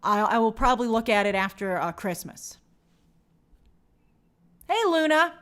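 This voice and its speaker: Woman, high voice, chatty livestream host, upbeat, reads comments aloud. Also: very animated, measured pace, fairly bright tone. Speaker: host reading live chat. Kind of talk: casual livestream chat.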